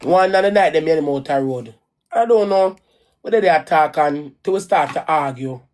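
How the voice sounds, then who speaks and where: A woman's voice: low voice, lively intonation, normal speed, darkish tone. A woman with a Jamaican accent telling a personal story in a casual, rambling rant, repeating herself and swearing bluntly. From Caribbean. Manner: rambling and repetitive, restarts and repeats phrases. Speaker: vlogger.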